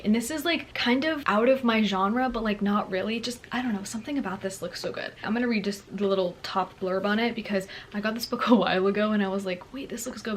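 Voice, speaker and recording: With a mid-range voice and a little hiss or hum in the audio, a young woman chats to camera as a book vlogger. She's bubbly and talkative, leaning heavily on fillers like "like" and "girlie."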